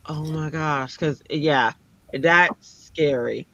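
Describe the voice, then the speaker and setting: A man telling a story in a casual chat on a crafting show, animated and dramatic, acting out the people he quotes. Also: fairly high pitch, measured pace, no echo, muffled recording. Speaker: co-host of a crafting livestream.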